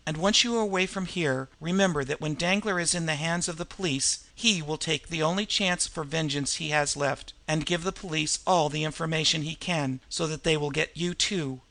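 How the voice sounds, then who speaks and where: A man's voice: fairly high pitch, moderate pace, gravelly, hardly any pauses, sharp tone. A man reading the part of a resolute young woman who speaks hurriedly and breathlessly, giving tense orders. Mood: urgent.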